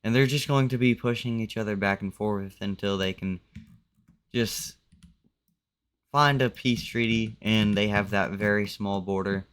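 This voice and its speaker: Male commentator, low and smooth, relaxed conversational narration of a simulation. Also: unhurried. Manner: loose, conversational, uses "like" a lot. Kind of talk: casual narration of a map simulation.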